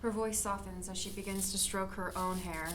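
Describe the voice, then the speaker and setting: A woman's voice: mid-range voice, level tone, moderate pace, a bit bright, a little hiss or hum, close to an everyday voice, low-quality recording. A woman narrating and describing her subject's sounds and gestures.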